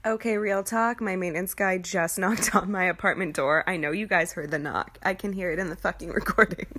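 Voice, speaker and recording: Young woman, podcast host, casual spiritual chat, filler-heavy, swears often, lowish voice, recorded at home. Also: brisk, sharp tone. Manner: chatty, swears freely, frequent fillers. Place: her apartment.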